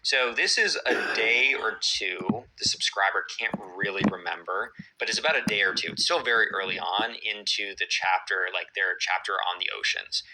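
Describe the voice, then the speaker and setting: A man's voice: on the low side, normal speed, few pauses, noisy background. A man casually telling a classroom story on a podcast, animatedly acting out the characters in quoted voices.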